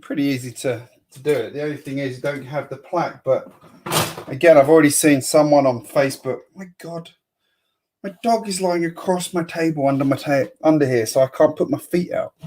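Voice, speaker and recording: A man's voice: medium pitch, background noise. A man hosting a casual live stream, chatting to viewers while he sorts bricks and mutters to himself. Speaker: host of a building live stream.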